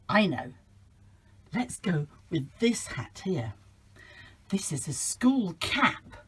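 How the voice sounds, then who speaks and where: A woman's voice: medium pitch, husky, poor audio. A woman playing a superhero storyteller, chatting straight to children as she tells her tale.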